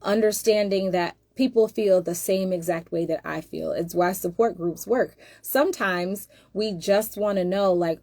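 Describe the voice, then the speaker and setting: A woman's voice: medium pitch, a little slow, few pauses, dark tone, no room sound. A woman hosting a casual monologue, emphatic and rhetorical, addressing viewers directly. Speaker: host.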